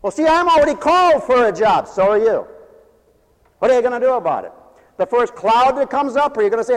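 A man's voice: extremely high pitch, big pitch swings, brisk. A man preaching a sermon to his congregation in a church, impassioned, calling out to the people in the pews and demanding a response. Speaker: pastor. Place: church sanctuary. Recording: long reverb of a large hall.

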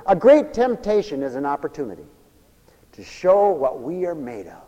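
A man preaching a folksy sermon, swinging between loud exhortation and quiet asides. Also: fairly high pitch, sing-song, moderate pace, lo-fi sound. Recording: echoey hall with long reverb.

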